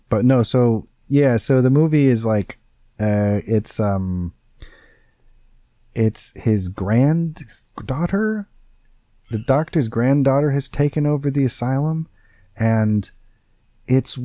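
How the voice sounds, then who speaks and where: A man's voice: fairly low pitch, mellow, no echo. A man hosting a casual podcast, rambling along with many fillers and self-corrections. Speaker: podcast host.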